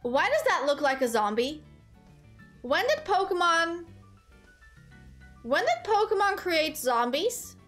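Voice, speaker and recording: A woman's voice: very high voice, takes it slowly, pauses often, faint music behind. A woman streaming a game, chatting casually with her viewers and reading game lines aloud. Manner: animated, talks to chat and reads game lines aloud. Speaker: gaming streamer. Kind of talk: casual gameplay commentary.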